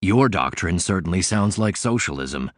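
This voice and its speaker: A man's voice: deep voice, lively intonation, moderate pace, no room sound, studio quality, voice pushed down. A man doing a stiff, formal older lawyer.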